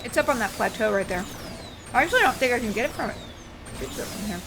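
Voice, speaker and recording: A woman in her forties chatting excitedly while playing a game live, with loud exclamations. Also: on the high side, quick pace, creaky, background noise. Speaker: streamer. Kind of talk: live gameplay commentary.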